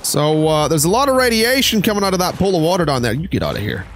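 A man's voice: fairly high pitch, big pitch swings, fast talker, a bit bright, slight background noise. Man joking through game commentary. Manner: rambling, joking asides to chat. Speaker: streamer. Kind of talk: casual gameplay commentary.

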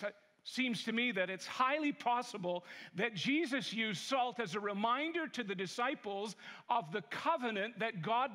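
A male pastor preaching a sermon in a church, emphatic and deliberate. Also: very high-pitched, pushed and bright. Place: large church sanctuary. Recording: long hall reverb.

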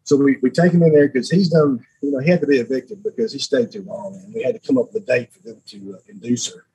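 A man's voice: medium pitch, fast talker, mellow, husky, low-quality recording. A man, a podcast guest telling stories in a rambling, chatty way. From Alabama. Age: 30s. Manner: rambling, repeats words, laughs often. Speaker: podcast guest, sheriff's lieutenant. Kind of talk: casual storytelling chat.

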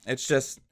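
A man hosting a reaction video, talking in a gushing, excitable and emotional way. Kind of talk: casual reaction commentary. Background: faint music.

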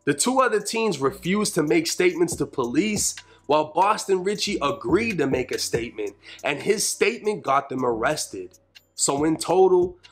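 A man giving a measured, matter-of-fact scripted narration for an investigative video. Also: sits high.

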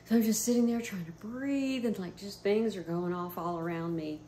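A woman talks straight to her camera, spinning a personal story in a loose, animated way. She swears freely and laughs often, her voice sitting at an ordinary pitch. The room around her adds a noticeable echo. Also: normal speed, slight background noise. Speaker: vlogger. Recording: roomy echo.

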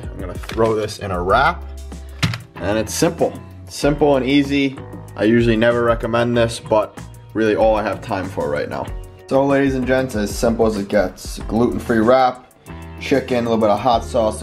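A man's voice: medium pitch, normal speed, faint music behind. A young man in his twenties, a soccer player chatting casually in a laid-back vlog. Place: home, Sweden.

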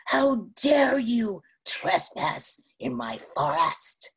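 A woman's voice: medium pitch, sing-song, a bit bright, husky, full character voice. A woman doing a huge menacing forest monster. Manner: slow, menacing, drawn-out challenges. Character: huge ugly mean male forest monster.

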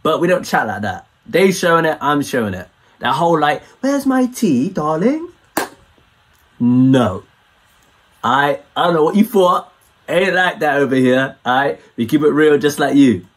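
An English man talks straight to his viewers in a blunt, slangy, joking way. His voice is a bit husky and sits slightly high. The tone is loose and conversational. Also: lively intonation, normal speed. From England. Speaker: reaction video host. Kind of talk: casual commentary to viewers.

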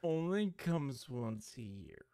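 A man's voice: medium pitch, sing-song, takes it slowly, dark tone, dry recording. A man streaming games live, chatting casually to his viewers in a giggly, rambling way.

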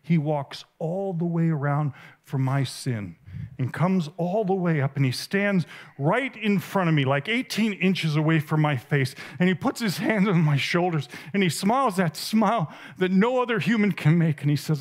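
A man's voice: fairly high pitch, animated. Earnest man preaching in vivid stories. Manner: earnest, vivid storytelling with halting restarts. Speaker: conference speaker. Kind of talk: sermon. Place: conference stage.

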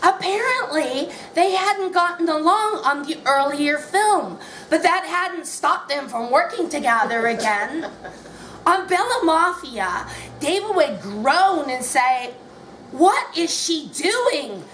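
At a bookshop event, a woman reads her memoir aloud with a wry, amused delivery, frequently laughing between lines. Her high voice is expressive, slow, and a little bright. The room echoes, and there's faint background noise.

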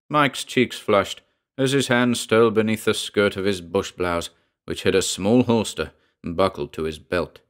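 Male narrator, low voice, measured, dramatic horror storytelling. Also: fairly bright tone.

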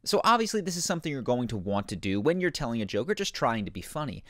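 A man narrates an explanatory video in a scripted voice-over, his pitch rising and falling freely. He sounds animated and explanatory. The recording is dry and close, with no room sound. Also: fast talker, no room sound. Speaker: host.

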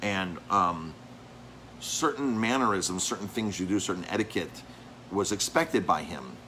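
A man, a restaurant owner and chef, talking casually and telling animated stories about difficult customers, often repeating words and acting out the arguments. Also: deep voice, unhurried, slight background noise. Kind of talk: casual vlog monologue. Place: his restaurant.

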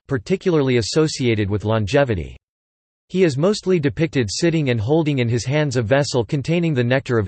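A computer-generated man's voice reading an encyclopedia article in an even, flat machine delivery. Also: medium pitch, no room sound. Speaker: text-to-speech reader.

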